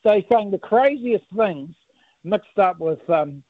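A man's voice: sits high, lively intonation, a little slow, no room sound. New Zealand man on a tinny phone line. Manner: rambling, laughs often, lots of fillers. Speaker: politician guest, campaign director. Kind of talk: phone-in radio interview.

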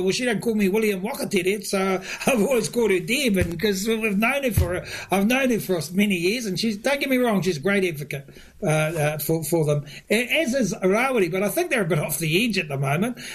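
Halting high-voiced New man. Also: animated. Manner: halting, many fillers and restarts, chuckles often. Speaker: government minister. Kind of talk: radio interview guest.

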